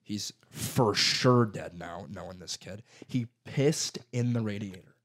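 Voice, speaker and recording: A man's voice: lowish voice, a little slow. A young man in casual chat, telling childhood stories with lots of swearing and put-on voices. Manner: profane, animated storytelling with put-on voices.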